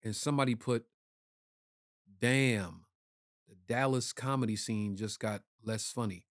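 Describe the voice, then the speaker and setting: A man's voice: lowish voice, a little slow. A middle-aged man co-hosting a casual podcast, telling stories and acting out the voices of people he quotes. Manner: animated storyteller, acts out quoted relatives. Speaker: podcast co-host. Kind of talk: casual storytelling chat.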